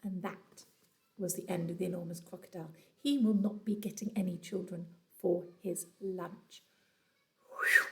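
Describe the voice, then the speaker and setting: A woman teacher reading a children's storybook aloud from home, telling it in an animated, dramatic way. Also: lowish voice, moderate pace. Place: at home during lockdown.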